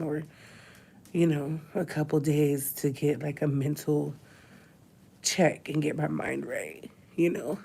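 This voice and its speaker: A woman's voice: low-pitched, fairly even intonation, slow, creaky, pauses often, warm tone, breathy edge. A woman in her thirties crying as she talks in a confessional vlog, her voice breaking into whispers and sighs. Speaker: vlogger. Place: hospital room.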